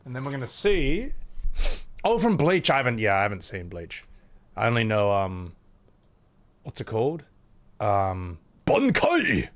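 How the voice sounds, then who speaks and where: A man's voice: lowish voice, expressive, moderate pace, long pauses. A man streaming live, chatting casually with his viewers, swearing and laughing as he reacts to their comments.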